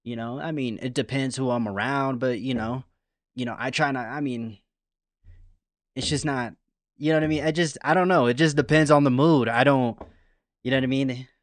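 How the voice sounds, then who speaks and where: A man's voice: medium pitch, steady tone, moderate pace, dry recording. Laid-back man reacting, dry close sound. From California. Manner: laid-back, rambling, swears freely. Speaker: reaction streamer. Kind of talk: casual reaction commentary.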